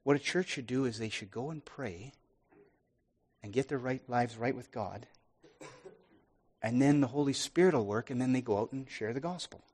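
An earnest, animated preacher gives a sermon testimony, telling his story in a husky, mid-range voice at a moderate pace with long pauses. He restarts frequently and swings between loud and soft.

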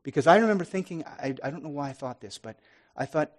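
A man's voice: a little high, quick pace, slight background noise. Earnest man telling a testimony. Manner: earnest, animated, frequent restarts, loud and soft swings. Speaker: preacher giving testimony. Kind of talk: sermon testimony storytelling.

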